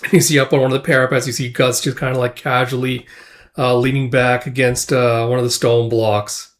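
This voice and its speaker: A man's voice: medium pitch, level tone, fairly quick. Male comic recap host, casual, rambling narration. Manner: rambling, says "it's like" and "you see" often.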